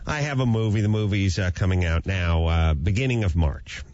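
A male radio host telling comic stories in an animated way, slipping into voices. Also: sits low, normal speed, no echo, highs cut off. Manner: animated storyteller who slips into voices. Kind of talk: comedic radio talk.

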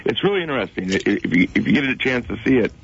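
A man's voice: mid-range voice, very animated, racing, creaky, fairly bright tone, slight background noise. A man recounting a show in casual radio chat, hesitant, with many restarts. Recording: muffled radio sound.

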